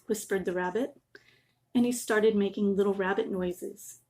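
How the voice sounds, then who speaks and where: A woman gently reading a children's bedtime story aloud, adding little asides. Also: medium pitch, steady tone, normal speed.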